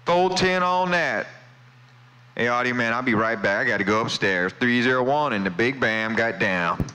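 A man's voice: on the low side, brisk, bright, forceful tone, slight background noise, low-quality recording. A man chatting on CB radio from his home station, friendly and repeating his call sign and sign-offs. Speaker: CB radio operator. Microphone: CB radio microphone.

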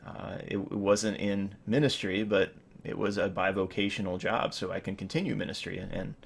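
A man's voice: low-pitched, fairly even intonation, moderate pace, vocal fry, slightly rough. A man in his thirties giving an informal sermon as pastor, rambling with many fillers and restarts.

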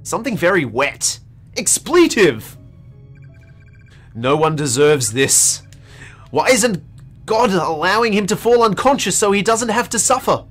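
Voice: medium pitch, expressive, normal speed, soft background music. A streamer giving a dramatic reading of horror game text, theatrical and prone to acted pleading and screams. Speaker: let's play streamer.

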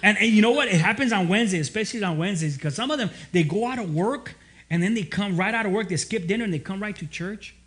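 High-voiced pastor, lively casual sermon. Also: male voice, fast. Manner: casual, animated storytelling with slang and restarts.

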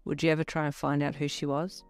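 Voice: mid-range voice, level tone, fast, smooth, faint music behind, lightly acted. A reader voicing a loyal, upbeat young man who talks in a casual, chummy way. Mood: friendly.

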